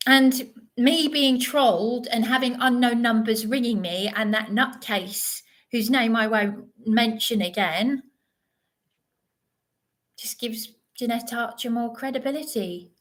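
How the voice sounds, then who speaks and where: A woman's voice: on the high side, slow pace. A woman talks unhurriedly through a livestream monologue. She rambles and digresses, often restarting her sentences. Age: 30s. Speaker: livestream host.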